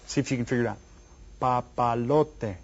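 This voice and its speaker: A man teaching an elementary Spanish lesson to children, repeating each word slowly and quizzing the listener. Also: mid-range voice, lively intonation, darkish tone. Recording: dull lo-fi recording.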